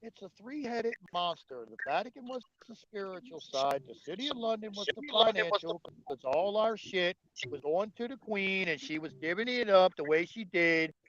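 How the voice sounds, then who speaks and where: A man's voice: sits high, animated, normal speed, a bit bright. Angry profane man ranting on a stream. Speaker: livestream host. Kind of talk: heated livestream rant. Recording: dull, dry lo-fi stream audio.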